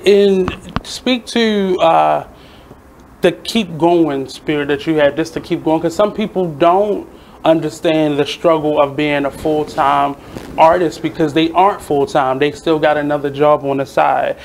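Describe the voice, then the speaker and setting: Gravelly, slightly high male radio host. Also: steady tone, a little slow, a little mellow, slight background noise, low-quality recording. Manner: reflective, advice-giving, frequent "mm-hmm" backchannels. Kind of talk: casual interview chat.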